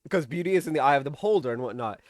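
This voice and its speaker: Chatty man with a higher voice, dry sound. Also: animated, rapid-fire, no room sound. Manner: chatty, keeps asking "right?", swears casually, laughs often. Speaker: TV episode reviewer. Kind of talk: casual recap and commentary.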